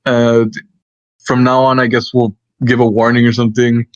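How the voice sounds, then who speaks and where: A young man co-hosting a casual podcast, talking haltingly and laughing often. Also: medium pitch, level tone. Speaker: podcast co-host. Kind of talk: casual chat. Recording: dull lo-fi dry mic.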